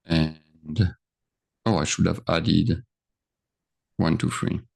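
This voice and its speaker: Creaky low-voiced teacher. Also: male voice, flat delivery, drawn-out words, darkish tone. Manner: thinks aloud, checks in with frequent "okay?". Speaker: French teacher. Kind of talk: screen-share grammar lesson.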